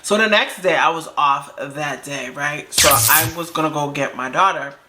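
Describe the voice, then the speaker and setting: A woman's voice: sits low, moderate pace, background noise. A young adult woman casually telling a personal story to her viewers, chatty and slangy with lots of fillers. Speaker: storytime vlogger.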